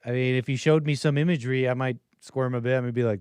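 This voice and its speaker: A man's voice: mid-range voice, steady tone, fast talker, darkish tone, clean tone, no room sound. An American man hosting a livestream call-in show, talking in a sarcastic, mocking way. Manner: sarcastic, mocking quoted voices.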